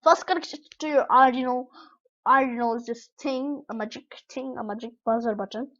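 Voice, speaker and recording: A woman's voice: fairly high pitch, a little fast, fairly bright tone, highs cut off. A young woman walking through an electronics tutorial in a casual, rambling way, often correcting herself mid-sentence. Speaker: tutorial vlogger.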